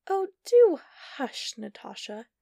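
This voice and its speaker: A woman's voice: a little high, moderate pace, a little mellow, no room sound, natural voice. A woman narrator voicing a scornful, mocking sorceress with a dry, taunting delivery.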